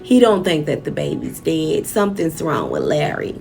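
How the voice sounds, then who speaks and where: A woman telling a personal story in a casual vlog, blunt, profane and indignant, with sudden shouts. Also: on the high side, very animated, normal speed, few pauses, faint music behind.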